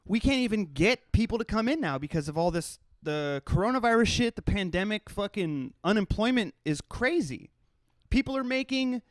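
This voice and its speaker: A man hosting a solo podcast rant, blunt and heavy on the swearing, sounding thoroughly fed up. His voice sits fairly high for a man. The sound is dry and close, with little room echo. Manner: profane, blunt and exasperated. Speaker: podcast host.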